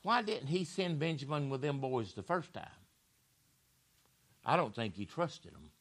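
A man's voice: medium pitch, big pitch swings, unhurried, a bit bright. A man preaching a sermon, telling scripture stories in a folksy way with emphatic rises and drops.

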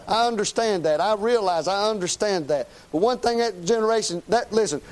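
A man's voice: high-pitched, a little fast. A middle-aged man, preaching a folksy, plain-spoken, emphatic sermon. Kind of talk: conversational sermon.

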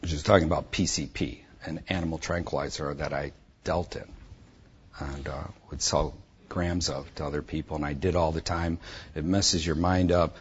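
A man bluntly and intensely telling his personal testimony, with a husky voice. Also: extremely low pitch, fairly even intonation, normal speed, dull audio, a little hiss or hum. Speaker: speaker giving a personal testimony.

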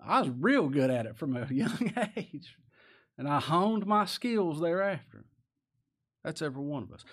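Man, pastor preaching, folksy, tag questions, loud then hushed, slightly high voice. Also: husky. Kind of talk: sermon.

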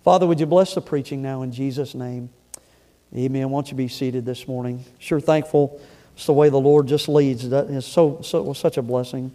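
The voice is medium-pitched, dark, and steady, moving at a normal speed: a middle-aged pastor delivering a sermon in a church sanctuary. He reads scripture out loud and comments on it with humor and casual storytelling, restarting his phrasing occasionally.

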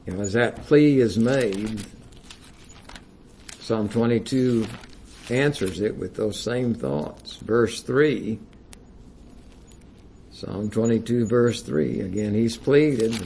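Slow, measured male preacher. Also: on the low side, vocal fry, warm tone, slight background noise. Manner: slow and measured, frequent "you know" fillers; King James scripture read with rising emphasis. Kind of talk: sermon with scripture reading.

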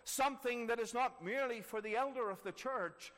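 A man's voice: extremely high pitch, a little fast, a bit bright. A man preaching a sermon earnestly, repeating key phrases for emphasis. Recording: long reverb of a large hall.

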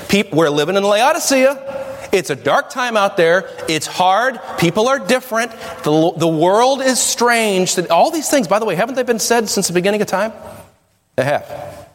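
A man's voice: high voice, sing-song, normal speed. A pastor preaching a sermon, firing rhetorical questions at his congregation. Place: church sanctuary. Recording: long reverb of a church hall.

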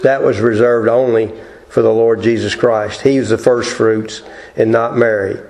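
A man preaching a Sunday morning sermon and reading scripture aloud in a slow, deliberate way. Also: lowish voice, little pitch movement, darkish tone, reverberant, low-quality recording. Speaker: pastor.

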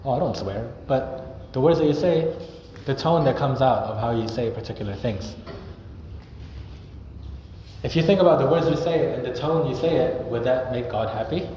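A man's voice: medium pitch, moderate pace, warm tone. A young man preaching a sermon in an earnest, conversational way, now and then acting out sample greetings. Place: church hall. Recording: echoey, dull hall recording with noise.

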